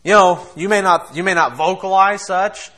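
A man preaching a sermon, impassioned, swinging between quiet asides and loud exhortation. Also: high-pitched, normal speed. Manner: impassioned, acts out quoted voices, laughs between points.

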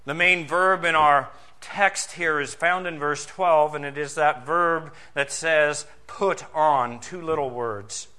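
A man preaching a sermon as pastor, asking rhetorical questions and swinging between loud emphasis and soft, low passages. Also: slow.

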